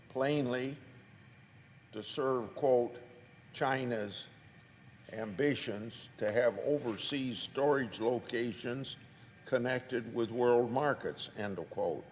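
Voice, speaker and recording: A man, a senator, giving a formal floor speech and deliberately reading out quoted documents. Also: mid-range voice, long reverb tail, a little hiss or hum.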